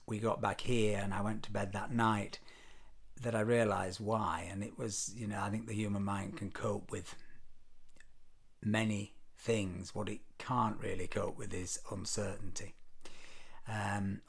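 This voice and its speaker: A British man vlogging, telling a travel story casually with frequent ums and wry self-deprecating asides. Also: lowish voice. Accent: British English. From Britain.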